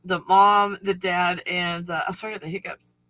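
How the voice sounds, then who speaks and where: On a rough recording, a man runs a laid-back live stream where he rambles through stories, laughs, curses freely and says hello to viewers by name. He speaks at a moderate pace in a high, pushed, bright voice with little pitch movement.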